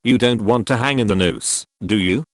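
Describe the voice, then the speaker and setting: A man's voice: on the low side, moderate pace, no echo, clean studio sound, close to an everyday voice. A man voicing a sly, scheming police chief who speaks in a confiding, insinuating way.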